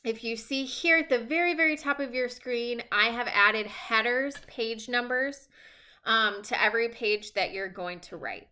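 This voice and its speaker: A woman's voice: a little high, measured pace, pushed and bright, clear, resonant tone. A woman teacher recording casual, reassuring class instructions at home, checking in often with the students.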